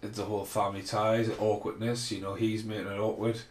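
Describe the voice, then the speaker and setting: A man's voice: on the low side, little pitch movement, brisk, slight background noise. A man hosting a casual film commentary podcast, rambling and swearing freely as he rants. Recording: roomy echo.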